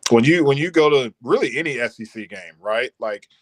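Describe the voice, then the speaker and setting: A former college football player, talking relaxed and laid-back as a guest. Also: male voice, medium pitch, brisk, no room sound. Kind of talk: casual interview chat.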